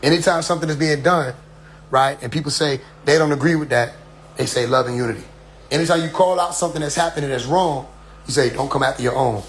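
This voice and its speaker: Middle-aged male leader, preachy address, fairly high voice, faint hum behind. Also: quick pace. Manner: preachy, repeats "you see?". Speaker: community leader addressing followers. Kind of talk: casual spoken address.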